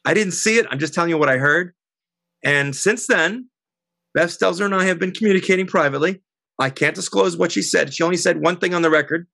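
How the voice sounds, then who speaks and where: A middle-aged woman as an interview guest, telling a heated story in an animated, indignant way. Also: lowish voice, fast talker, creaky, no room sound. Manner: animated, indignant, quotes others.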